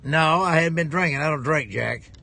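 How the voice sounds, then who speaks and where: Jovial husky preacher. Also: male voice, on the high side, normal speed, bright, forceful tone. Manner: jovial, chuckling, rambling. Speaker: preacher and ministry head. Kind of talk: casual storytelling to viewers.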